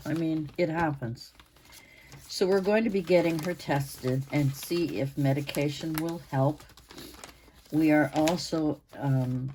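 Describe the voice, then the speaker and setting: A woman in her sixties hosting her own channel, chatting to camera in a rambling way with pauses and restarts, her voice hoarse and interrupted by coughs. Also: deep voice, mellow, slight background noise. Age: 60s. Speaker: channel host. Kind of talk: casual chat to camera.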